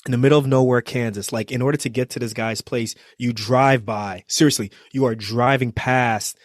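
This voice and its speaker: A man's voice: mid-range voice, fairly even intonation, moderate pace, no echo, clean studio sound. A man from New Jersey, a trauma surgeon, telling his story as a podcast guest and acting out what people said. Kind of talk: storytelling interview.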